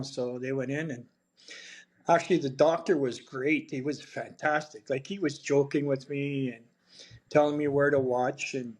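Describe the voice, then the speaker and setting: A man's voice: medium pitch, fairly even intonation, normal speed, a little mellow. A man, a podcast guest telling a story in a chatty, blunt way and laughing along. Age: 70s. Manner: chatty, blunt, swears freely, laughs through stories. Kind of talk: casual storytelling.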